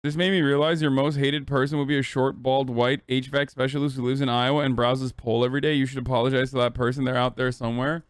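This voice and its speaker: A man's voice: medium pitch, flat delivery, fast, hardly any pauses, clean tone, no echo, clean studio sound. A man streaming live, reacting to clips with loose, profane, rambling commentary.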